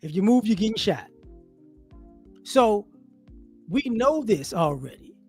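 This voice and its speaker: An online commentator delivers a casual monologue, animated and rhetorical, often restarting his sentences. His voice sits high, slow and husky, with faint music playing behind him.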